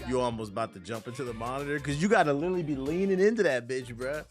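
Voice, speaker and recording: A male game streamer giving casual gaming commentary, excitable and profane, with loud outbursts. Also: mid-range voice, very fast. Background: game music.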